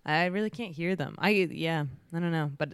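A woman's voice: deep voice, normal speed, smooth, dry recording, studio quality. A woman in casual conversation, rambling and self-deprecating with lots of fillers. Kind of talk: casual chat.

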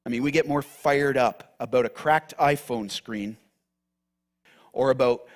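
A man's voice: medium pitch, unhurried. A man preaching a sermon, emphatic and direct with the congregation, repeating key phrases. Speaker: pastor.

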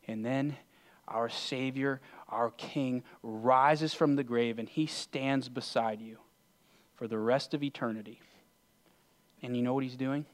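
Pastor, male, mid-pitched voice; earnest sermon delivery that swings from loud urging to hushed near-whispers. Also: fairly even intonation, unhurried. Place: church sanctuary.

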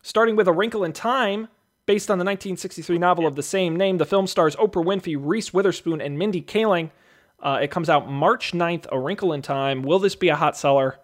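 A man's voice: high voice, brisk. A man hosting a casual show, reading out movie blurbs and calling bids like a jokey auctioneer. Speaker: host running a movie draft auction. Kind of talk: casual podcast chat.

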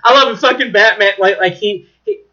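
A man co-hosting a podcast, excitedly retelling a plot in casual chat, swearing freely and restarting his sentences. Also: sits high, a little fast, muffled recording.

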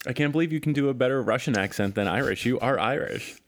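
A playful man co-hosting a casual chat show, with a plain mid-range voice. He rambles through his thoughts, often restarting his sentences, and jumps into quick jokey asides. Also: medium pitch. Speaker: podcast co-host.

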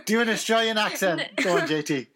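A man co-hosting a playful family podcast, giggly and animated as he reads out odd facts. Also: sits high, fairly quick. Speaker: podcast co-host, father. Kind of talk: casual chat, playful fact segment.

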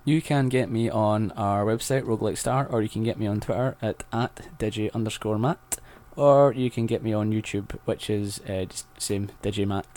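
A man's voice: lowish voice, normal speed, few pauses, darkish tone. A man, joking around as a guest in a casual podcast chat. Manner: joking, laughs often.

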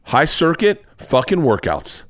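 Male podcast host, off-script ad reads, profane and excitable, dry room. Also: a little high, measured pace, no room sound. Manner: rambling, profane, self-interrupting; hyped shouting bursts. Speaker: podcast host reading ads. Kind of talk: loose ad read.

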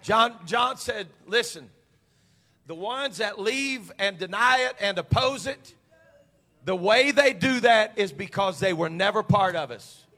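A man pastor preaching a sermon in a church, moving from quiet storytelling to shouted climaxes. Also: high-pitched, unhurried. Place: church sanctuary.

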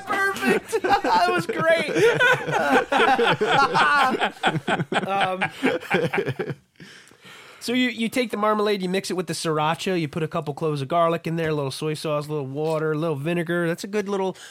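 A man's voice: on the high side, very fast, hardly any pauses, no room sound. A young man co-hosting a podcast, chatting casually about recipes and rambling through fillers and laughs. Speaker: podcast co-host. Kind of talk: casual chat.

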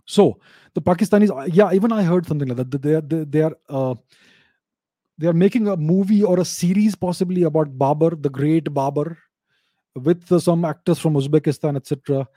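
A man's voice: fairly high pitch, brisk, warm tone, dry recording, clean studio sound. A man from India, giving opinionated casual commentary, often repeating and restarting his words.

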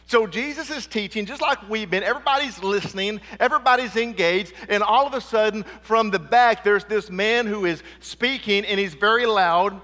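A man preaching a sermon in a church sanctuary, his voice high and bright. He is emphatic, asks the congregation for "amen," and sinks low and quiet to drive home a point. A long reverb hangs after his words. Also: normal speed, few pauses.

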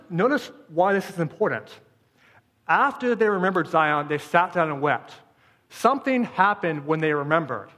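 A man's voice: sits high, fairly bright tone. Preaching man in a reverberant hall. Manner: rhetorical questions, repeats phrases for emphasis. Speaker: pastor. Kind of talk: sermon.

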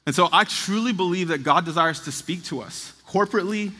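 A man in his thirties delivers an earnest, conversational sermon in a bright, forceful voice with a husky edge. His voice sits a little high for a man, and it rings with the long reverb of a large hall. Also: brisk. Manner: earnest, conversational preaching with acted quotes. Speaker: pastor.

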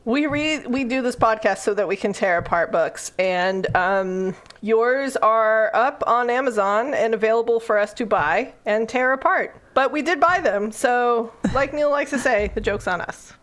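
A woman's voice: fairly high pitch, unhurried, few pauses, fairly bright tone. Chatty, salty woman podcast co-host. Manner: chatty, swears freely, rambling asides. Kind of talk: casual chat.

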